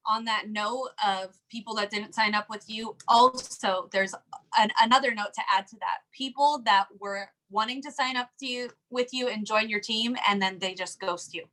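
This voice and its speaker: High, bright woman giving direct advice. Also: moderate pace. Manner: emphatic, gives direct advice. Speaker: network marketing coach. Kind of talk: casual chat.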